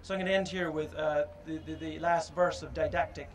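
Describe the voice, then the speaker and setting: A man giving an informal public speech at a statue unveiling, halting and reflective, with frequent pauses and fillers. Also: fairly high pitch, steady tone, slight background noise, rough recording. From Ireland.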